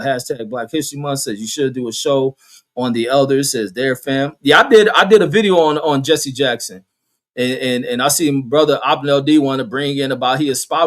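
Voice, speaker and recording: A man hosting a live stream, reading chat comments aloud and telling stories in loose, profane talk. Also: mid-range voice. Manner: loose storytelling, heavy swearing, acts out voices.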